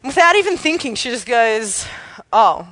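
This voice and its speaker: Woman, preacher, higher-pitched, chatty, candid, evening sermon. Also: animated, a little slow, a bit bright, in a large hall. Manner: chatty and candid, laughs at herself. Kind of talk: evening sermon with personal story.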